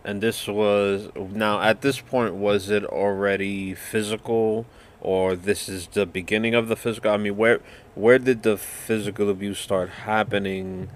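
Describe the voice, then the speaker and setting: A man hosting a podcast, asking his guest gentle, probing questions. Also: on the low side, flat delivery, unhurried. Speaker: podcast host. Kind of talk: interviewing a guest.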